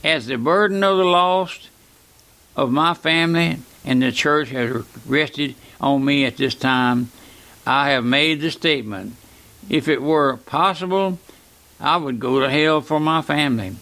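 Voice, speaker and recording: Fervent older preacher with a gravelly voice. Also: male voice, fairly high pitch, measured pace, a bit bright. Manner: fervent, pleading, rhetorical questions. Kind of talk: radio sermon.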